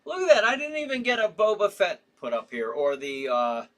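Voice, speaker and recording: Tired male livestream host, rambling and halting, lively bright voice. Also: sits high. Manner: rambling, halting, with frequent restarts and yawns. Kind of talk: casual live-stream chat reading viewer comments.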